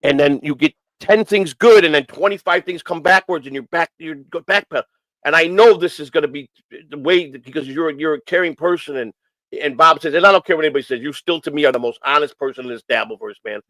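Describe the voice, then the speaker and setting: A man's voice: a little high, fast talker, a bit bright, no room sound, poor audio. Rambling, earnest man talking. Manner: rambling, repeats phrases, many restarts; earnest and emotional. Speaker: host of a morning stream show. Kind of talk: casual rambling talk.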